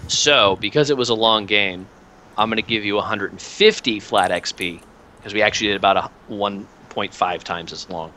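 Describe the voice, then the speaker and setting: A man's voice: fairly low pitch, normal speed, pushed and bright, a little hiss or hum, low-quality recording. A man running a tabletop game as game master, narrating casually with lots of hesitations. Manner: casual, hesitant with many fillers.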